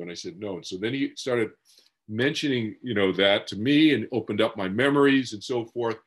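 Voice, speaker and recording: A man's voice: lowish voice, moderate pace, slightly rough. A man giving a talk as a meditation teacher, telling a personal story in a conversational way, full of "you know" asides and restarts. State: moved to tears at points. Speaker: speaker on past-life memories and meditation teacher.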